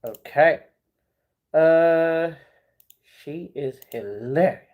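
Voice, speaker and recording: Over phone-quality audio, a young streamer with a slightly high voice speaks extremely slowly while reading his chat. He's chatty and slangy, bantering casually with the people watching.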